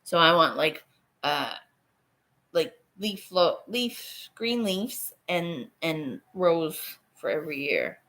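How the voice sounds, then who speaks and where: A middle-aged woman chats slowly and loosely into her phone during a livestream. Her voice sits fairly low, and she drifts between thoughts, swearing offhandedly and breaking into laughs. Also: expressive, fairly bright tone. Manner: rambling, swears casually, laughs often. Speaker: livestream host. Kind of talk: casual livestream chat.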